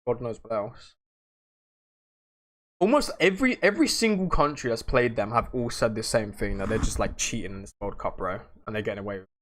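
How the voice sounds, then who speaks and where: A young man hosting a relaxed livestream talks a little fast with lively intonation, chatting to viewers in a slangy, rambling way. His volume leaps between loud outbursts and low mutters.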